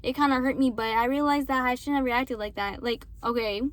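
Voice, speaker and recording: Young woman venting to the camera, high voice, swears a ton then says sorry. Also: brisk, a bit bright. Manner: rambling, frequent swearing and apologies. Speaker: vlogger. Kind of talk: casual venting to viewers.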